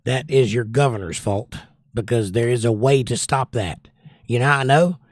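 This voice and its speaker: A man's voice: mid-range voice, normal speed, dry recording, clean studio sound. Opinionated man ranting on a livestream. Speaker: livestream host. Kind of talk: casual livestream chat reading viewer comments.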